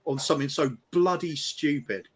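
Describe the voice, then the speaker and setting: A man's voice: fairly high pitch, normal speed, husky. A man chatting as a podcast guest, hesitant and thinking aloud. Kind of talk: casual chat.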